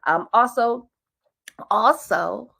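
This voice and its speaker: A woman's voice: a little high, drawn-out words, gravelly, sharp tone. A woman hosting a webinar, talking in a hype, casual way with slang and call-and-response greetings, over a computer mic on a video call. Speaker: webinar host. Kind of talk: lively webinar presentation.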